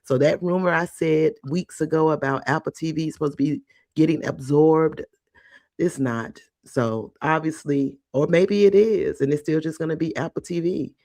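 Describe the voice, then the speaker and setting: A woman host with a gravelly, creaky edge to her voice, chatting loosely about entertainment news. She rambles and talks straight to her viewers, and her voice sits dry and close. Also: low-pitched, moderate pace, dark tone, dry recording. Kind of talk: casual entertainment commentary.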